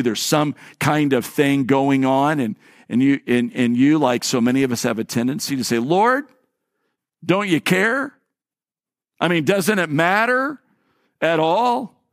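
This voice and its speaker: A man's voice: mid-range voice, no room sound. A male pastor delivers a sermon in a mid-range voice recorded close and dry. He tells stories and slips into the voices of the people he quotes. Now and then he repeats a word as he restarts a phrase. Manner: storytelling, acting out quoted voices.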